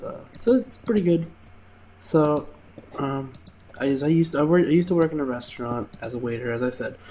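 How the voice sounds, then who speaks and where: A young man with a mid-range, slightly mellow voice hosts a gameplay video on his gaming channel, with a little hiss or hum in the recording. Over the gameplay he casually tells funny stories from his waiter days, with lots of fillers and laughs.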